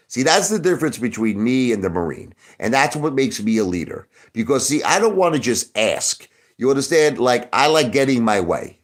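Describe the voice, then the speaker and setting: Swaggering, animated man ranting to viewers. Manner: animated, swaggering, profane, swings between loud outbursts and low mutters. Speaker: YouTube livestream host. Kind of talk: casual rant to viewers.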